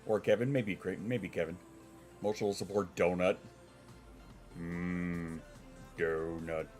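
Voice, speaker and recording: Speaking a little fast, a deep-voiced man who sounds stuffed up chats loosely on a stream from home. He wanders between topics, drops casual swears and responds to his viewers, with gentle music faintly audible in the background.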